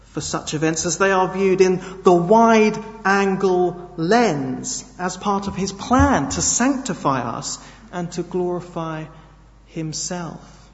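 A man's voice: fairly high pitch, big-room sound, dull audio. A man preaching a sermon, earnest and emphatic, leaning hard on key words. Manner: earnest, emphatic, slow with sudden stresses.

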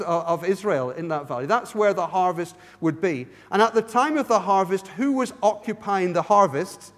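A man delivers a sermon in a high voice, pleading earnestly and stumbling over his words as he restarts them. His voice carries a long reverb from the church around him. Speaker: preacher. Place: church hall.

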